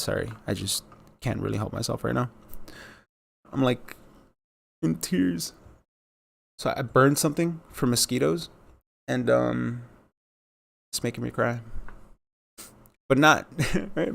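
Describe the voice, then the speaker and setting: Gravelly man rambling over news clips. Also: mid-range voice, a little slow, pauses often. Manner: rambling, filler-heavy, sarcastic asides. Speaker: news commentary vlogger. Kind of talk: casual commentary on news clips.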